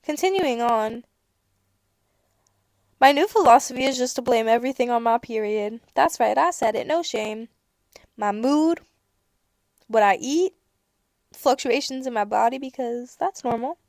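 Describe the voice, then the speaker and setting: A young woman hosts a casual podcast, telling stories with sarcastic rants and quick acted-out dialogue. Her voice sits high with plenty of gravelly fry. The sound is dry and close, with no room around it. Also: no echo. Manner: animated storytelling, sarcastic rants, acts out dialogue. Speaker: podcast host. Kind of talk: casual chat.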